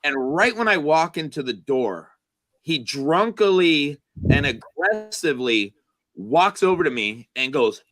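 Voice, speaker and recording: A man's voice: on the high side, a little slow, no room sound, low-quality recording. A man casually telling a long, rambling, profane story to friends on a comedy chat show. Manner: rambling, profane, animated retelling.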